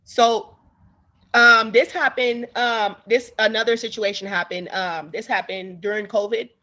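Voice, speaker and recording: A woman author being interviewed, telling a story in a casual, animated way and acting out the people in it. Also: fairly high pitch, unhurried, dull audio. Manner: animated, acts out the people in her stories.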